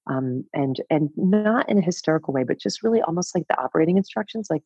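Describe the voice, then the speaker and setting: Breathy expressive woman in her fifties. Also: sits low, fast talker, few pauses, no echo. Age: 50s. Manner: expressive, laughs often, swears casually. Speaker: guest. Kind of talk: candid conversational storytelling. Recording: dull, dry podcast audio.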